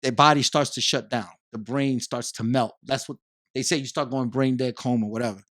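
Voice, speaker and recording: Man telling his own story, animated and repetitive, dry close mic. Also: medium pitch, fairly quick, dry recording. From Puerto Rico. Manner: animated storyteller, repeats words and phrases. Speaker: podcast guest. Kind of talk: casual conversation.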